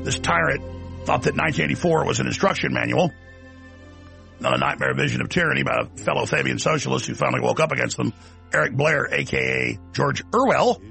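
A man's voice: medium pitch, a little fast, gravelly, sharp tone, faint music behind. A man hosting a political commentary show, delivering a sarcastic, combative rant. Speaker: show host.

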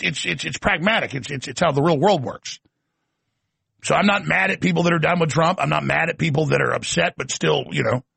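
A man's voice: a little high, vocal fry, fairly bright tone, slightly rough, dry recording. A man hosting a political talk show, delivering an emphatic, ranting monologue with sardonic asides.

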